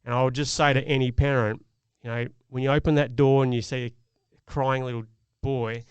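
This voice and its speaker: A man's voice: medium pitch, little pitch movement, normal speed, clean tone, no room sound, highs cut off. A middle-aged man, a podcast co-host, telling a personal parenting story in an earnest, reflective way. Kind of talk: casual chat.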